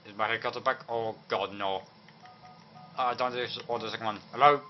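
A man's voice: mid-range voice, fairly even intonation, fairly quick, faint music behind, lightly acted. A man putting on a swearing drunk guy. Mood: drunken rambling. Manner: slurred, rambling, swearing. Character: rowdy drunk young man. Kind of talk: game voice-over role-play. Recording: muffled lo-fi with faint noise.

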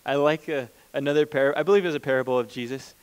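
A man's voice: medium pitch, fast, clean tone. A man preaching a conversational sermon as pastor, plain-spoken and informal, often restarting mid-sentence.

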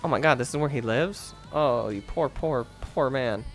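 This let's play features a man with a mid-range voice speaking at normal speed, soft music playing behind him. He keeps up an animated, jokey running commentary, mostly talking to himself about the game.

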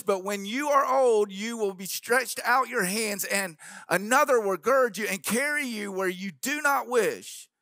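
A man preaching from the pulpit with a high, bright, ringing voice. He tells the story vividly and acts out each character's lines. The sound is dry and close, with no room echo. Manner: animated preaching, quoting scripture in character voices. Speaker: pastor. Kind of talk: sermon. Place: church.

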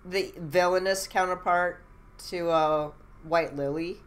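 A woman streamer giving relaxed, chatty commentary over a game and laughing easily. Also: on the low side, slow pace, a little hiss or hum. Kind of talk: casual live-stream commentary.

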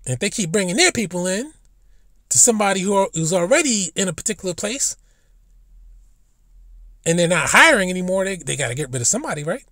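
A man's voice: high voice, big pitch swings, fast, pauses often, bright, forceful tone, dry recording, studio quality. A man ranting bluntly and profanely in a casual vlog monologue, recorded in a car. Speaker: vlogger.

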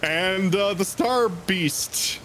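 A young man chatting casually while playing a co-op game, playful and quick to laugh. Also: high-pitched, fairly bright tone, slight background noise. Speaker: streamer. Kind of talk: casual co-op gameplay chat.

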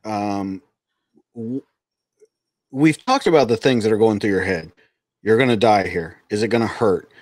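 A man's voice: fairly low pitch, unhurried, long pauses, darkish tone, no echo, studio quality. A man interviewing a guest, asking direct, probing questions. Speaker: podcast interviewer.

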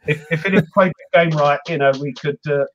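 A man's voice: fairly high pitch, steady tone, quick pace. British man, casual group chat, jokey, self-correcting, dull lo-fi call audio, faint hiss. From Britain. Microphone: video call. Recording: dull lo-fi internet call line with faint noise.

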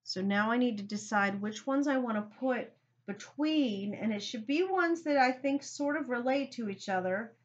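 A woman's voice: a little high, normal speed, few pauses, muffled recording. A woman teacher giving a recorded grammar lesson, thinking aloud and talking straight to her students.

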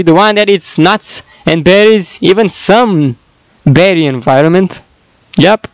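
A man's voice: high voice, expressive, measured pace, smooth, no echo, poor audio. A man casually commenting and joking to himself while reading out fan-made dialogues. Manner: chatty, self-mocking, laughs between lines.

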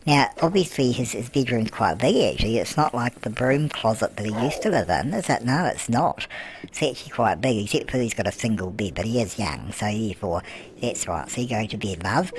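Over background music and a crowd, a man with a fairly low, expressive voice talks fairly quickly as a chatty, cheeky, gossipy grandmother. He narrates a life-sim game in comedic commentary, calling everyone "love" and answering his own questions.

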